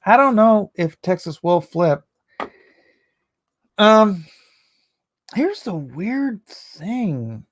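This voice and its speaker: Hoarse male streamer, slow and rambling, dry close sound, casual opinion chat. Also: high voice, sing-song, no room sound. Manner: rambling, opinionated, restarts often. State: voice going hoarse. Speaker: livestream host reading chat. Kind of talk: casual late-night livestream chat.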